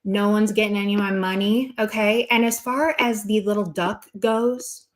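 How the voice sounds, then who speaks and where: A woman's voice: mid-range voice, fairly even intonation, moderate pace. A young woman on a livestream, delivering a heated, sarcastic rant full of swearing and mock apologies.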